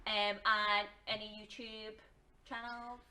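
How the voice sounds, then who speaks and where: A woman's voice: medium pitch, flat delivery, takes it slowly, bright, forceful tone. A woman hosting a casual podcast interview, chatty with plenty of fillers. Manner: chatty, laughs easily, many fillers. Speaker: podcast host.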